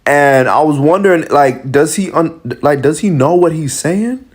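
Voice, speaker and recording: A man, hosting a reaction video and talking to camera with animated, incredulous rhetorical questions. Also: fairly high pitch, moderate pace. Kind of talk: casual commentary to camera.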